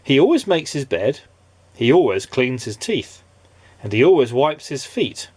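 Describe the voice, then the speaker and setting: A man reading a children's picture book aloud, expressive and playful. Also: mid-range voice, measured pace, slightly rough, no room sound. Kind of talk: storybook read-aloud.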